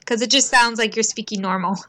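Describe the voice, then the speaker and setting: A woman's voice: a little high, quick pace, fairly bright tone. A young woman co-hosting a casual podcast chat, chatty and often saying "um" and "so". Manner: chatty, with fillers like um and so. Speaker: podcast co-host.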